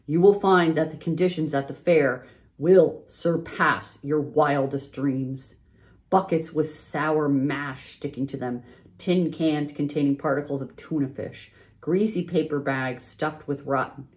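A sly, worldly old sheep in a storybook, talking up a tempting picture and savoring each item, played by a woman. The voice is a touch louder and brighter than a plain reading. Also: low voice, measured pace. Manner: tempting, relishing lists.

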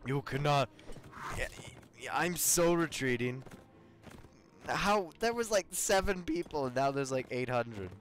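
A young man narrates his own gameplay in slow, drawn-out bursts, his pitch leaping all over the place as he curses and shouts mock taunts at the enemies. His voice sits a little higher than most men's. Faint game music plays underneath. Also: sing-song. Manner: loud, swearing, laughing outbursts, mock taunts. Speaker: gaming YouTuber. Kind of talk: excitable let's play commentary.

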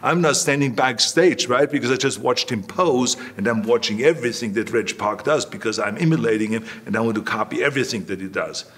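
Older man telling lively stories. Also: mid-range voice, a little fast, few pauses, slightly rough. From Austria. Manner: animated anecdotes, acts out quoted voices. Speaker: interview guest. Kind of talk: storytelling in a relaxed interview.

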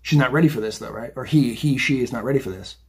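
Chatty man, very husky voice. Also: medium pitch, fast. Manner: chatty, rambling, animated, says "right?" and "okay?" often. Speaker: psychic tarot reader. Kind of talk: casual tarot reading monologue.

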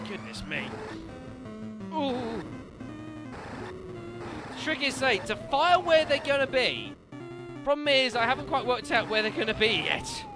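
A man commentating a video game, excitable and self-mocking, yelling at the enemies. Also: very high voice, a little slow, long pauses. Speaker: let's play commentator. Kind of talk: gaming commentary. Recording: game music behind the voice.

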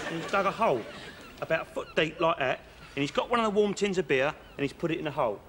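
A man's voice: on the high side, expressive, fast, very noisy. A man telling a joke in a rambling, chatty way, correcting himself as he goes. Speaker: comedian. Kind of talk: comic joke-telling monologue.

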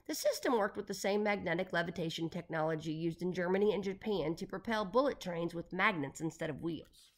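A woman's voice: on the low side, a little fast, few pauses, slight background noise. Woman reading a children's book aloud. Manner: lively, expressive reading. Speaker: audiobook reader.

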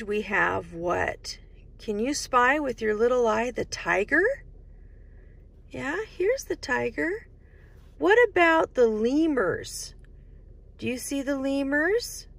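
A woman's voice: high voice, creaky. Sing-song woman reading a picture book to kids. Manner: sing-song questions to kids, drops to whispers. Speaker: children's storytime host.

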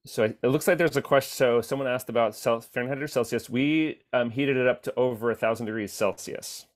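A man who works as a beamline scientist, giving a relaxed, plain-spoken talk with frequent ums on a video call. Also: mid-range voice, brisk. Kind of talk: casual explanatory talk.

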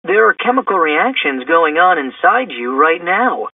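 A man doing a friendly teenage girl detective who chats in a slow, informative way. The voice is husky and heard from afar over a thin, phone-like line. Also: on the high side, sing-song, no echo, heavily acted. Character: upbeat teen girl detective. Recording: distant, tinny phone-like sound.

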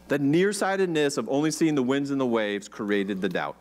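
A man's voice: mid-range voice, moderate pace. A man preaching a casual sermon, chatty and joking, with rhetorical questions and many "like"s. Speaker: pastor.

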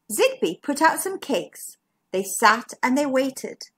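A woman reading a children's picture book aloud in a slow, sing-song, expressive way. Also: sits high, slightly rough. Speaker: children's storyteller.

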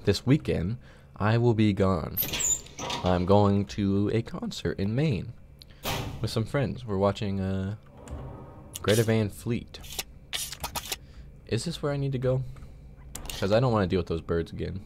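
Low-voiced swearing gaming commentator. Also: male voice, unhurried, long pauses, noisy background. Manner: swears a lot, frustrated muttering at the game. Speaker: gaming channel host. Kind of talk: casual gameplay commentary. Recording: keyboard and mouse clicks behind.

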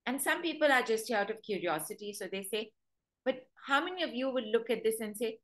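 A woman speaks as a dog trainer in a webinar, with a fairly high voice. She tells stories warmly paced and slips into little quoted voices for what dogs seem to think. Her talk is conversational, full of asides and examples. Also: expressive, brisk, rough recording. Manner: storytelling, acts out dogs' thoughts in quoted voices.

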